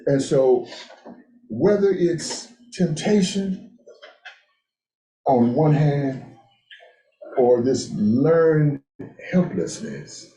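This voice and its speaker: A man with a fairly high yet mellow voice leads a men's group, telling lively stories and pulling call-and-response from the room. The sound is echoey, as in a meeting room. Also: drawn-out words, long pauses. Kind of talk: motivational group talk.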